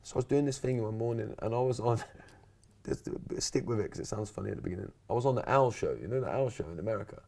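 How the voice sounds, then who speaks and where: A man's voice: lowish voice, quick pace, creaky. A man, a coach being interviewed on a podcast, telling his story animatedly and acting out the quotes. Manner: animated storyteller, acts out quotes, many "right?" and "yeah?" tags. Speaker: podcast guest, resilience coach.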